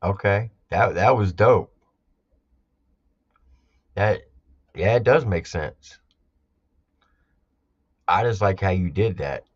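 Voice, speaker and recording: A man's voice: deep voice, slow, long pauses, slightly rough, no echo, lo-fi sound. A man hosting a live album reaction, talking casually and emphatically and repeating his points.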